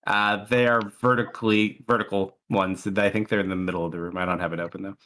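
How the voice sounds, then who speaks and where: Bright-voiced young man running a game. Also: low voice, fairly even intonation, fast. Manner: loose, hesitant, many fillers. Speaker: game master. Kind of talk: casual tabletop narration.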